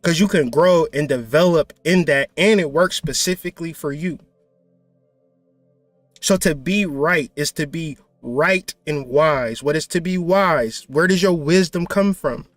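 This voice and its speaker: A man's voice: a little high, unhurried, no room sound, faint music behind. A man giving blunt, profane spiritual advice in a casual talk, preachy with playful asides. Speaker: spiritual teacher.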